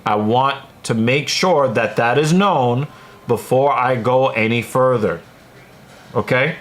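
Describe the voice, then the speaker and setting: A man's voice: medium pitch, slow, fairly bright tone. Male streamer answering chat, casual and blunt, mid-range voice, filler-heavy delivery. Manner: chatty, frequent fillers, blunt opinions. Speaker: livestream host reading chat. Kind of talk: casual livestream commentary.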